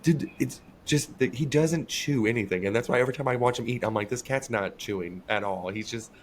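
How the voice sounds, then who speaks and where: A man co-hosting a podcast, telling a story in an animated, profane way in casual chat. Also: medium pitch, a little fast, a little hiss or hum. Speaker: podcast co-host.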